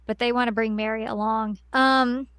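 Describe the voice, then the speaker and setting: A woman's voice: on the high side, steady tone, normal speed, fairly bright tone, clear, resonant tone, no room sound. A woman on a podcast, casually recapping a story at length with lots of fillers and restarts. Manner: rambling plot recap with many fillers. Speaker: podcast co-host. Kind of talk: casual chat.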